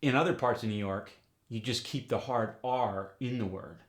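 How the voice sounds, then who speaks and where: A man's voice: medium pitch, normal speed. A middle-aged man giving a step-by-step accent lesson, explaining methodically with examples. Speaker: accent coach. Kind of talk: instructional explanation.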